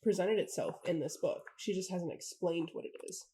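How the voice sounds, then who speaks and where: A woman's voice: lowish voice, normal speed, warm tone, rough recording. A woman co-hosting a casual book discussion, chatting and spinning theories with lots of "like" fillers. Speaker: book podcast co-host.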